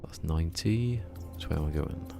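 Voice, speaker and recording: Male game streamer, very low gravelly voice, rambly muttered chat, game music behind. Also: expressive, moderate pace. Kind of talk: casual live gameplay commentary.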